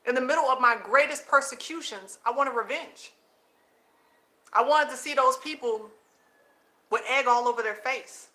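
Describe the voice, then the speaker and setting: A woman hosting her own channel, preaching casually to viewers she calls family, animated and repeating phrases for emphasis, laughing often, recorded at home at night with her children nearby. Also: high voice, moderate pace, long pauses. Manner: laughs often between points.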